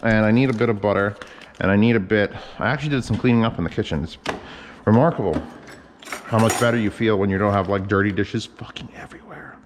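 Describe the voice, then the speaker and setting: A man's voice: lowish voice, fast talker, big-room sound, background noise. A man cooking in his home kitchen, chatting in a rambling, casual way and swearing freely. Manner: rambling, profane, chatty asides. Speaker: home cook vlogger.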